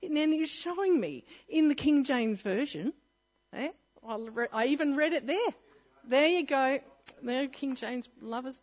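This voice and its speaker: A woman's voice: high-pitched, lively intonation, measured pace, highs cut off. A woman sharing her personal testimony at church, earnest and often laughing as she restarts her sentences.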